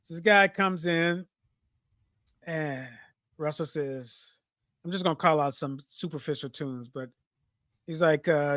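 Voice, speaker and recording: A man, co-hosting a podcast and telling lively stories that he acts out in casual chat. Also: on the high side, measured pace, pauses often, dry recording, studio quality. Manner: animated storyteller, acts out quotes. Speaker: podcast co-host.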